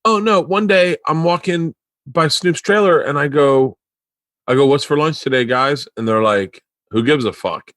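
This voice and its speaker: A man chatting on a comedy podcast, telling animated stories and acting out the other people in them, swearing freely. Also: on the high side, moderate pace, no room sound. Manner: animated, acts out quoted voices, swears freely. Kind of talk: casual chat, storytelling.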